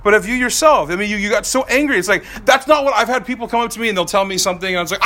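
A high-pitched man in his thirties preaches a sermon as a pastor. He's animated, swinging between soft, slow passages and loud, quick ones.

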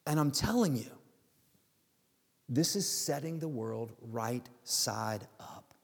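A man preaching a sermon, emphatic, slowing and dropping to a hush on key words. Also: mid-range voice, lively intonation, vocal fry, breathy edge. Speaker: pastor. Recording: long hall reverb.

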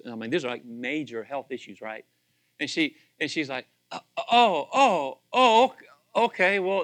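A middle-aged man preaching a sermon, animated, acting out voices and questioning his listeners. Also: mid-range voice. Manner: animated, acts out voices, asks audience questions. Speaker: pastor.

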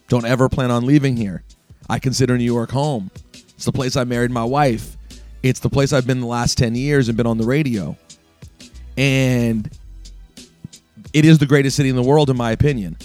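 A man's voice: mid-range voice, darkish tone. A man hosting a sports talk radio show, delivering an emphatic, opinionated monologue straight at his listeners. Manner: emphatic, ranting, addresses listeners directly.

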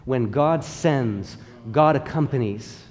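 Speaking at a slow pace, a male pastor with a medium-pitched, somewhat mellow voice preaches in a church sanctuary. His sermon uses forceful, rhythmic repetition and invites the congregation to echo him, with a large hall's long reverb audible throughout.

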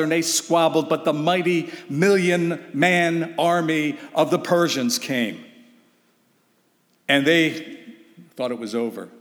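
Guy preaching a sermon, fired up, lots of rhetorical questions, kinda high voice, long echo like a big church. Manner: rhetorical questions, emphatic and urgent. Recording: long reverb of a hall.

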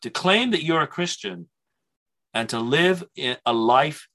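A man's voice: fairly high pitch, animated, a little slow, gravelly, pushed and bright. A man teaching a church Bible seminar in a conversational way, with frequent restarts and asides.

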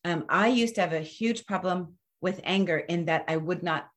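A woman in her fifties hosting a casual podcast conversation, reflective and animated, often trailing off and restarting. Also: lowish voice, moderate pace.

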